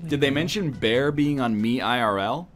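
A man co-hosting a game stream, joking and riffing quickly in casual banter. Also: mid-range voice, expressive. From Cheyenne. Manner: quick, joking, jumps between bits. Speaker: stream co-host.

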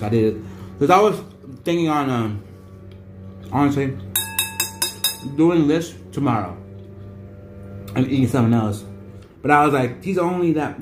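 A man's voice: medium pitch, darkish tone, roomy sound. A man talking casually as he reviews noodles for his vlog, rambling and restarting his sentences often. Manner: rambling, repeats himself with many restarts and fillers. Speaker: vlogger.

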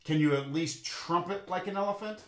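A man's voice: high voice, normal speed, reverberant, voice pushed up, close to an everyday voice. A man reading a storybook, voicing the dismissive animals who turn the duck away. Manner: dismissive, bored. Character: haughty male club-gatekeeper animals.

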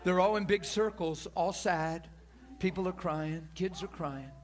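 A man preaching from the pulpit, telling a story in an animated way, laughing and rambling at himself. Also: sits high, unhurried, a faint crowd. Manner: animated, laughing storyteller who acts out quoted voices; self-deprecating and rambling. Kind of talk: sermon storytelling. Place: church pulpit.

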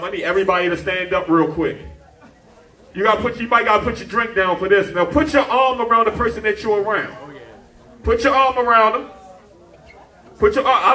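A man working as the MC of a live rap and dance battle, shouting call-and-response chants and sing-song hype lines to a bar crowd. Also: very high-pitched. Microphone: handheld stage mic through PA. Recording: echoey live room, far from mic, loud music and crowd. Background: DJ music and cheering crowd.

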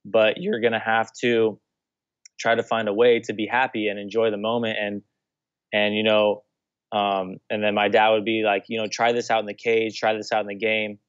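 A man's voice: fairly low pitch, level tone, moderate pace, clean tone, dry recording, lo-fi sound. A young adult man, a guest on a talk show, telling a story in a casual, rambling way full of restarts and "you know". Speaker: guest, former pro baseball player. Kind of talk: casual conversational interview.

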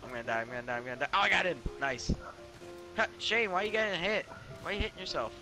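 A man's voice: sits high, lively intonation, racing, pushed and bright, faint music behind. A man playing a video game with friends, calling out names and short cries. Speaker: gamer. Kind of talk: excited gaming chat with friends.

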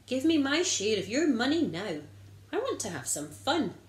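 A woman's voice: high-pitched, sing-song, normal speed, reverberant, voice pushed up. A woman voicing a repentant younger son in a children's Bible story, in an earnest, pleading tone. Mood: greedy. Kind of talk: storybook reading.

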